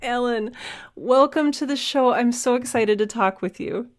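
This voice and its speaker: A woman's voice: a little high, measured pace. A woman hosting an interview, eager and friendly, with some ums as she asks questions. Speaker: host.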